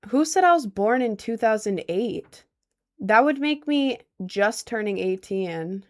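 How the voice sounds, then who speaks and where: A roughly twenty-year-old woman from Maryland hosts a livestream, answering chat casually and saying "um" a lot. Her voice is fairly high and animated, and she doesn't rush.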